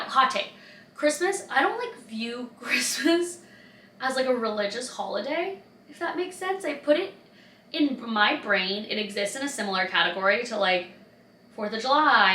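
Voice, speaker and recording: Woman in her twenties, chatty vlogger, higher voice, roomy off-mic sound. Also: distant mic. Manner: chatty, lots of "like", animated retelling. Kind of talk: casual vlog chat.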